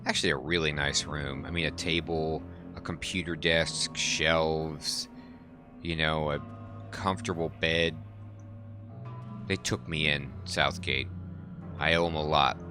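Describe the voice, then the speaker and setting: A man's voice: very deep voice, fairly even intonation, measured pace, music in the background. A man hosting a game playthrough, rambling and thinking aloud in casual commentary. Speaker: let's play host.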